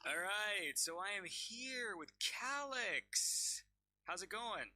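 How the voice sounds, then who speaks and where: A man's voice: high-pitched, expressive, slow, loud music behind the voice. A man hosting a stream, chatting casually and enthusiastically with a guest. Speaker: host.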